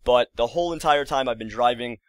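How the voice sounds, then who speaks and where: A young man in his early twenties, recounting a frustrating story in a casual, rambling way. His voice sits at a middle pitch and sounds close and dry, with no room around it. He keeps slipping into exasperated asides. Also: fairly quick, dry recording. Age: early 20s. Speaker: vlogger.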